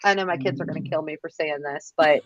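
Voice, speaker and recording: A woman's voice: deep voice, fast, no echo. A woman on a casual live stream, talking in a chatty, confiding way, recorded on dull lo-fi audio. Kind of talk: casual chat.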